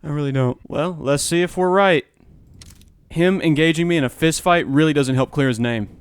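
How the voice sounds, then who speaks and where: A man's voice: on the high side, normal speed, clean tone, no room sound. A young American man doing joking let's-play commentary, full of irreverent asides. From United States. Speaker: gameplay commentator.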